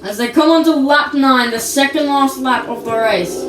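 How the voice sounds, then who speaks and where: A woman giving playful, excitable mock race commentary on a video game, sometimes singing her calls. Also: high-pitched, normal speed, reverberant, recorded from a distance, over music.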